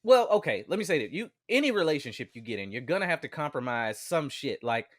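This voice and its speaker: Podcast co-host, male, animated and profane, voice swings high when he makes a point. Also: fast, no echo, studio quality. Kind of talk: casual podcast chat.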